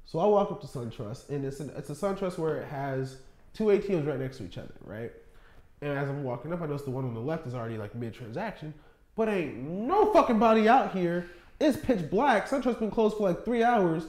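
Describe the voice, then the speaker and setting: A man's voice: on the high side, lively intonation, fairly quick, a little mellow. A man in his twenties co-hosting a casual podcast, telling stories with swearing and mimicked voices. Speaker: podcast co-host. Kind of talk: casual chat. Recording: echoey room.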